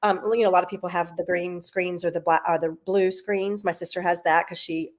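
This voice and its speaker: A woman's voice: on the low side, little pitch movement, fairly quick. A middle-aged woman from South Carolina, a guest chatting casually and thinking aloud with fillers. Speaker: guest, Broadway performer. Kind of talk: casual chat.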